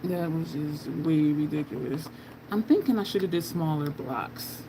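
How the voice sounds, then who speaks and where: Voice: mid-range voice, a little slow, noisy background. Blunt storyteller. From Camden, New Jersey. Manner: animated, blunt venting storyteller who curses. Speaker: makeup artist livestreamer. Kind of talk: casual chat while painting.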